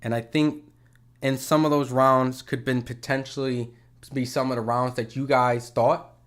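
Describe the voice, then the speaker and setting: A man's voice: medium pitch, level tone, a little slow. A man commenting on a boxing match in a livestream. He talks casually, swears, and argues with viewers' comments. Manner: conversational, profane, argumentative.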